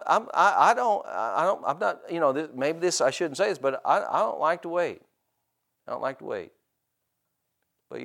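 A man's voice: fairly high pitch, vocal fry. A middle-aged man preaching a sermon, stretching out scripture quotes for emphasis and tossing casual asides to the congregation. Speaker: pastor.

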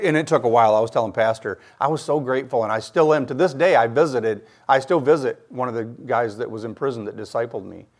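Earnest middle-aged man telling his testimony. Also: on the low side. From Michigan. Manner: earnest storytelling, acting out quoted voices. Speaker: guest giving his testimony. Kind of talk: personal faith testimony.

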